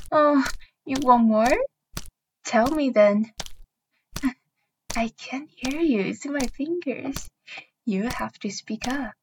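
A woman acting as a dominant partner in an intimate audio role-play, giving orders in a teasing, commanding tone. Her delivery is very slow and drawn out, her voice sits slightly high, and breathy moans slip in between lines, with a faint hiss of noise underneath.

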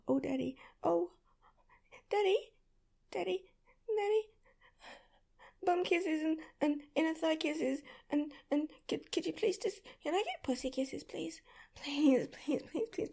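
A woman's voice: high-pitched, moderate pace, vocal fry, warm tone. A young adult woman performing an adult audio role-play, pleading and breathless, sometimes dropping to a whisper.

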